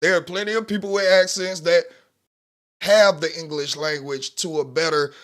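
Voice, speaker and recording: Bright-voiced man, blunt and profane. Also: fairly high pitch, fairly even intonation, moderate pace, clear, resonant tone. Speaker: podcast co-host. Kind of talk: heated casual podcast argument.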